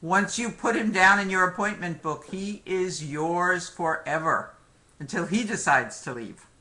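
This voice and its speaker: Bright-voiced male lecturer saying "okay" a lot. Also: high voice, a little slow. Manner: frequent "okay" and "my friends" asides; joking, conversational teaching. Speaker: medical exam lecturer. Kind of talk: live online lecture.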